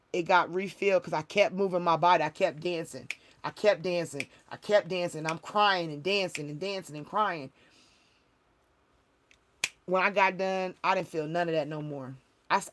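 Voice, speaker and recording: Woman sharing a heartfelt spiritual testimony. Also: fairly low pitch. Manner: emotional, repetitive, heartfelt storytelling with many restarts. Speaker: spiritual reader, livestream host. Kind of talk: casual livestream testimony.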